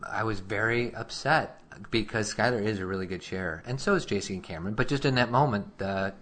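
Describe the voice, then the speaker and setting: A man hosting a parenting podcast, telling stories from home in a reflective, soft-spoken way. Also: lowish voice, fairly quick. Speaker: host. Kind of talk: casual podcast chat.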